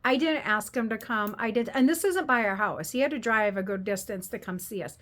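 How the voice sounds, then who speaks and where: A woman's voice: fairly high pitch, a little fast, a bit bright. An older woman telling a candid, rambling story in a casual vlog, laughing at her own mishaps. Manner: rambling, candid, self-deprecating, laughs while telling stories. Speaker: craft vendor vlogger.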